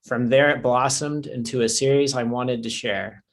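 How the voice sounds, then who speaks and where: A man co-hosting a casual livestream, reading comic book blurbs in a relaxed way. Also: medium pitch, normal speed. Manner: relaxed, reads blurbs aloud. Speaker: comics publisher staff co-host.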